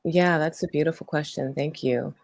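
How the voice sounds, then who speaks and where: A woman interview guest who teaches workshops, talking gently in a meandering way with lots of fillers and restarts. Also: low voice, steady tone, normal speed, creaky, dry recording. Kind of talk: conversational interview.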